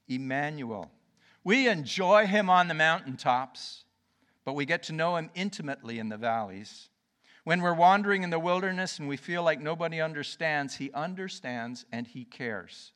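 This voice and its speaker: A male pastor preaching a sermon, swinging between loud declarations and near-whispers. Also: on the high side, lively intonation, moderate pace.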